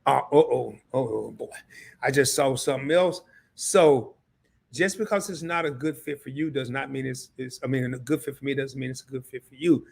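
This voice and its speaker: A man hosting a casual live stream, talking straight to his chat. He gets excited, repeats himself and restarts often. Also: mid-range voice, moderate pace, gravelly, breathy edge.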